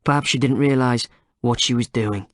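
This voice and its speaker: A man's voice: mid-range voice, fairly even intonation, moderate pace, fairly bright tone, dry recording, studio quality, lightly acted. A man voicing a male police detective who interrogates a suspect, needling and accusing in turn. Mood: insinuating. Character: male police detective, coaxing then menacing.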